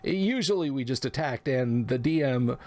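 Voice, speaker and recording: A man's voice: medium pitch, expressive, moderate pace, darkish tone. Male narrator, memoir storytelling, reflective, acts out quotes. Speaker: podcast narrator.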